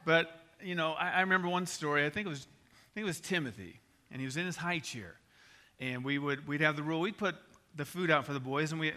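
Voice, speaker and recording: Animated male pastor telling stories. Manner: animated storyteller, voice rising high for punchlines. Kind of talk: sermon with personal stories.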